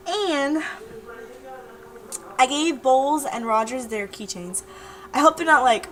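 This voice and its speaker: Speaking unhurriedly with long pauses, this young vlogger addresses her webcam in a chatty, diary-like way, wandering off topic and repeating herself. Her high voice is fairly bright with lively intonation, though the recording is low in quality.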